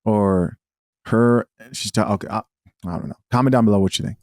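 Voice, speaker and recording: Man, host, very deep voice, dry close recording, musing reaction commentary, halting. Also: a little mellow, no echo. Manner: musing, halting, thinks aloud.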